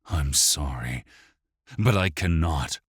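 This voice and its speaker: A man's voice: rumbling low, expressive, slow pace, fairly bright tone, husky, no echo, clean studio sound, exaggerated voice. A man voicing a grim, sorrowful young hero.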